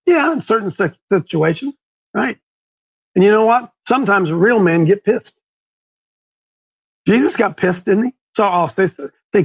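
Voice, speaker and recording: A man's voice: high voice, lively intonation, moderate pace, gravelly, a bit bright, husky, muffled recording. A man hosting and preaching to a small live group, fiery and emphatic, repeating key words for force. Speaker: show host and preacher.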